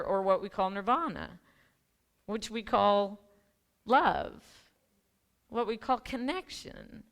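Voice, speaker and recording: Chatty woman minister with a smooth voice. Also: mid-range voice, a bit bright. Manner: chatty, laughing asides, many restarts and ums. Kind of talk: casual conversational sermon. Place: church sanctuary.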